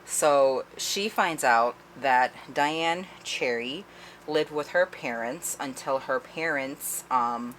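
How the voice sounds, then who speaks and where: A woman's voice: extremely low pitch, takes it slowly, fairly bright tone, a little hiss or hum. A woman giving a casual, chatty book review, retelling the plot with swearing and laughter. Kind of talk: casual spoiler-filled book recap.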